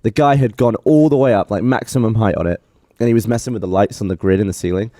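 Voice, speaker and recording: A man's voice: fairly low pitch, fast, warm tone, no echo, studio quality. A young British man telling stories animatedly on a podcast, with sound effects. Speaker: podcast co-host. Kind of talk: casual chat.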